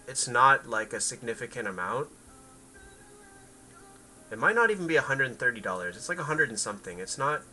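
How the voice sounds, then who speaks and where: Guy rambling on his game stream, super bright sharp voice, a bit of music underneath. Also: medium pitch, rough recording. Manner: chatty, rambling, talks to chat and his cat. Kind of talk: casual livestream chat.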